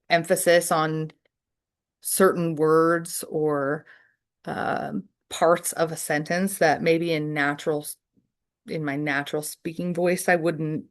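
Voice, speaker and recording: Speaking in a deep voice, a woman guides an online poetry workshop, responding to questions with unhurried thought and plenty of fillers.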